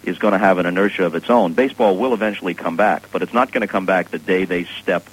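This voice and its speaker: A low voice with a breathy edge speaks quickly through poor audio. It belongs to a middle-aged man appearing as a sportscaster guest on the radio, chatting casually in an interview, sharing stories and opinions with articulate, dry humor.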